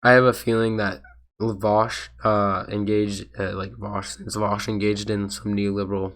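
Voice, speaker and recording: A man's voice: on the low side, little pitch movement, measured pace, a bit bright. A man who is sick and losing his voice, streaming and reacting to a video with rambling, hesitant casual commentary. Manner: rambling, hesitant, full of restarts.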